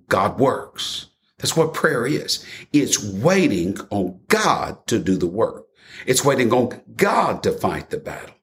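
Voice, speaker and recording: A man preaching a sermon, quoting scripture and old hymn lyrics in an expressive delivery. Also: medium pitch.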